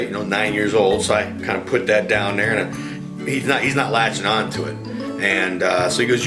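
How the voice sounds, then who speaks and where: A man's voice: mid-range voice, fast talker. A man casually telling a story from his childhood, rambling with lots of fillers. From rural farm upbringing. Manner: relaxed, rambling, many fillers. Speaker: storyteller host. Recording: roomy echo with guitar music behind.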